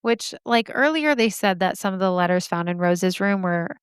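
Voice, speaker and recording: Smooth-voiced woman, sarcastic true-crime host. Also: mid-range voice, lively intonation, moderate pace, dry recording. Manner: sarcastic, chatty asides. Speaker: podcast host. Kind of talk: casual true-crime storytelling.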